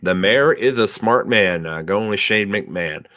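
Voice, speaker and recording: A man's voice: lowish voice, unhurried, pushed and bright, dry recording, clean studio sound. A man hosting a casual podcast, joking and teasing his co-hosts in loose, rambling talk. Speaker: podcast host. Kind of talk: casual chat.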